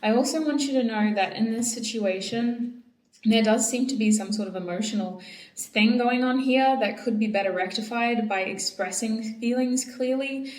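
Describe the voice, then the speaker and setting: A woman's voice: fairly high pitch, normal speed, darkish tone, recorded from a distance. Chatty woman reading tarot in an echoey room. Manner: chatty and affectionate, addresses viewers directly. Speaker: tarot reader. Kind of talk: casual tarot reading to viewers.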